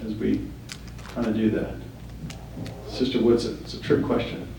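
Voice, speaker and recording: A man's voice: lowish voice, monotone, moderate pace, mellow, slight background noise. A man leading a training session, asking the group questions and giving feedback. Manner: coaching, asks the group questions. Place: training room. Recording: echoey room from far off.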